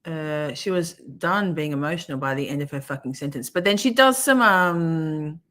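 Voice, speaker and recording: A woman's voice: low-pitched, expressive, moderate pace, a bit bright. A woman hosting a casual livestream, reacting to trial clips with sarcastic, profane commentary and chatting with her viewers.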